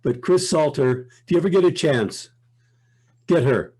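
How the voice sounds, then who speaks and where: An older man talks as a guest in a relaxed interview, his voice mellow and a little husky. He reflects unhurriedly on his work, often breaking off mid-thought and starting again. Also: fairly high pitch, normal speed. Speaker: guest voice actor. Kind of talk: casual interview chat.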